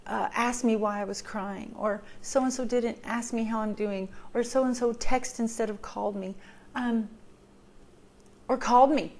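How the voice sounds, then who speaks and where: Her voice a little high yet dark in tone, this woman speaks steadily and unhurriedly as she vlogs about recovery. She shares advice earnestly and emotionally, often saying um and repeating phrases to stress them.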